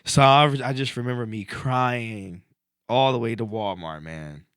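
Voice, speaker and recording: A man hosting a podcast, telling a personal story in casual chat and getting animated as it builds. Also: mid-range voice, unhurried, clear, resonant tone, dry recording, clean studio sound. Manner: animated storyteller, voice climbing when excited. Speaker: podcast host.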